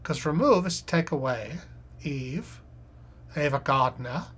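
A woman solves a crossword on a live stream, reading each clue aloud and muttering her guesses. Her voice is low and husky. She talks slowly, but her pitch swings widely as she thinks. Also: expressive.

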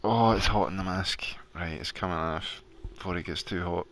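Scottish male streamer, low voice, loose and talkative with his viewers, quick to laugh. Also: a bit bright, slight background noise. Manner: chatty, laughs often, talks to viewers. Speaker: live game streamer. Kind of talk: casual live gameplay chat. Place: warm bedroom at home.

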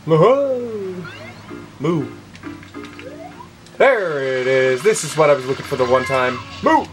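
A man commenting on his gameplay, shouting moo on a dare and swearing with excitement. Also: mid-range voice, brisk. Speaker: let's play gamer. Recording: game music behind the voice.

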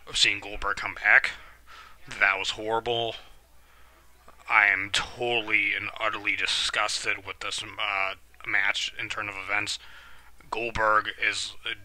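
A man hosting a reaction channel, giving excitable live commentary on a wrestling match and swearing when outraged. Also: lowish voice, slow, dry recording.

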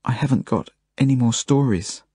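A man reading an audiobook as a first-person narration, in plain, measured storytelling. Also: medium pitch, noisy background. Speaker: audiobook reader.

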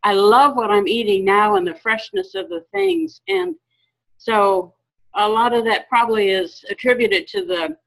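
A woman's voice: on the high side, sing-song, gravelly, low-quality recording. Earnest woman sharing from the audience. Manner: earnest, halting, restarts often. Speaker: workshop attendee. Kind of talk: sharing a personal story.

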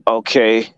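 A man's voice: dry recording, muffled recording. A man from Washington, D.C., a guest commentator lecturing in emphatic, profane casual talk.

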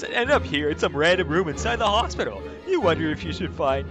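A man's voice: a little high, very animated, a little fast, few pauses. Man laughing through a text adventure. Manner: reads story text aloud, laughs and swears at it. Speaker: gamer playing a text adventure. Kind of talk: casual let's play commentary. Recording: clear background music.

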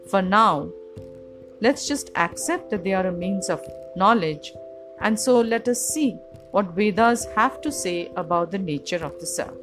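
A woman giving a calm, deliberate spiritual teaching talk on the self, moving through long lists of examples in measured phrases. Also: medium pitch. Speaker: Vedanta teacher. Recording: music playing behind the voice.

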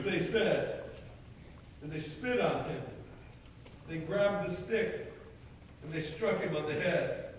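High-voiced American preacher in an echoey hall. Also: male voice, takes it slowly, pauses often, a little hiss or hum. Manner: dramatic, rising to loud quoted outbursts. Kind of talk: Easter sermon retelling scripture. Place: church sanctuary. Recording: echoey hall, far from the mic.

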